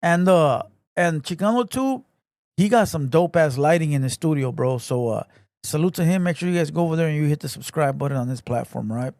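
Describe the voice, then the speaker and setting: A man hosting a casual livestream podcast, talking in profane, slangy street talk full of shout-outs. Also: fairly high pitch, fairly quick, dry recording, studio quality. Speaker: podcast host.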